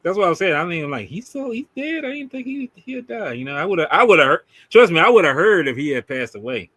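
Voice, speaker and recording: A man's voice: high voice, very animated, a little fast, fairly bright tone, no room sound. A man co-hosting a casual movie review chat, chiming in with short agreements and jokes. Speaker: podcast co-host.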